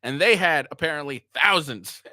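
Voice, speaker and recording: A man's voice: on the high side, animated, unhurried, sharp tone, dry recording, clean studio sound. A man giving crude, mocking reaction commentary, swearing and laughing as he talks. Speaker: commentary streamer.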